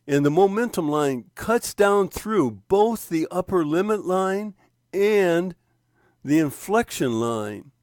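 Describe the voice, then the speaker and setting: A man slowly talking through a trading chart on screen, with many pauses, fillers and restarts as he points things out. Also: medium pitch, a little mellow, no room sound, clean studio sound. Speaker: trading instructor. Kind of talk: screen-share walkthrough of a trading indicator.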